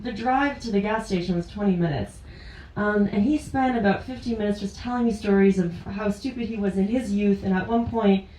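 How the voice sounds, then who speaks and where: A woman's voice: on the high side, darkish tone. A woman from Ontario, Canada, telling a true personal story live on stage in a chatty way and often laughing through her words. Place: indoor stage at a small live venue. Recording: roomy, distant live-venue sound.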